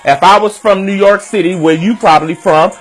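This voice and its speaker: Southern-accented male host, slightly high-pitched, candid conversational delivery, faint music underneath. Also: brisk. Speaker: web series host. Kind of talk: casual talk to viewers.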